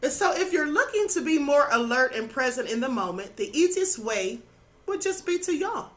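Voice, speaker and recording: High bright-voiced woman teaching spirituality. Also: very animated, normal speed. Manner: earnest, instructive, adds "okay?" and "you know". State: slightly losing her voice. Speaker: spiritual channel host.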